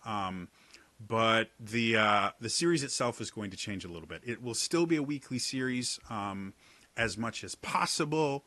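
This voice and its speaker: A young man coaching tabletop role-players in a casual talk to camera, halting often with fillers and repeated words. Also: on the low side, lively intonation, bright, forceful tone, no echo.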